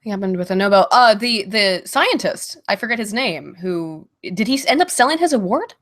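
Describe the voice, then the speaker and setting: A woman's voice: medium pitch, animated, moderate pace, fairly bright tone. Woman streamer, offhand and laughing. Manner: laughs often, swears freely, loose and offhand. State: coming out of a cold, clears throat. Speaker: streamer answering viewer questions. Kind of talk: casual livestream chat.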